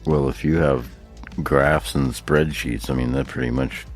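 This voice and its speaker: A man co-hosting a podcast in casual chat, trading deadpan jokes. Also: rumbling low, a little slow, faint music behind. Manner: deadpan joking. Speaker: podcast co-host.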